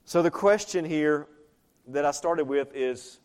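A pastor preaching with animated energy and a fairly high voice. He acts out the voices in the stories he tells and swings from hushed lines to loud calls. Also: measured pace, clear, resonant tone. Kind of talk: sermon.

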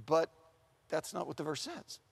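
A man preaching a sermon in an animated way, asking the room questions and acting out the voices he quotes. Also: a little high, normal speed, vocal fry, breathy edge. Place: large chapel. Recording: long reverb of a large chapel.

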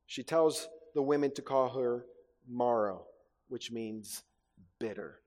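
A man's voice: mid-range voice, slow, a little mellow, in a large hall. A male pastor preaching a sermon in an earnest way, often repeating words as he goes. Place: church.

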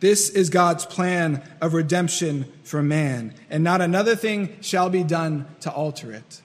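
A man's voice: on the high side, a little slow, big-room sound. A man preaching a sermon in an earnest, repetitive way, acting out the voices he quotes. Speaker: pastor.

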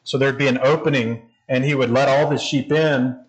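A man's voice: mid-range voice, fairly even intonation, normal speed, rough recording. A man preaching a sermon, explaining scripture in a conversational, teaching manner. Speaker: pastor.

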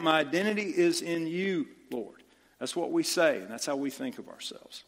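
A man's voice: a little high, animated, moderate pace. Male pastor, sermon delivery, emphatic and impassioned, lightly raised voice, reverberant room. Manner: impassioned, emphatic, repeats phrases for stress.

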